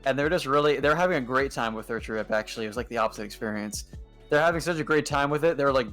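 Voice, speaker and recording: A man's voice: mid-range voice, quick pace, fairly bright tone. A young man with a mid-range voice chats casually on a stream, telling stories with lots of fillers and restarts. Faint music plays underneath him the whole time. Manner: rambling anecdotes with many fillers. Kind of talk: casual chat.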